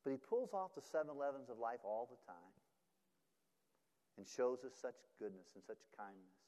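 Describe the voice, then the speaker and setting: Middle-aged man preaching, animated storytelling, mid-pitched voice, long hall reverb. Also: moderate pace. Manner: animated, acts out voices, many fillers and restarts. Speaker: pastor. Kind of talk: sermon storytelling.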